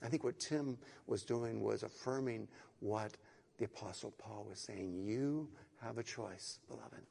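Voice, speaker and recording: Earnest male pastor with a gravelly voice. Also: on the low side, measured pace, in a large hall. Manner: earnest, swings from hushed to emphatic, repeats words. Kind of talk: sermon.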